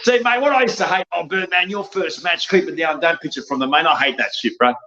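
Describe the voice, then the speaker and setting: A man's voice: a little high, quick pace, bright, forceful tone, dull audio. A man, a wrestling promoter talking bluntly and profanely in a rambling podcast chat, ending his lines with "mate".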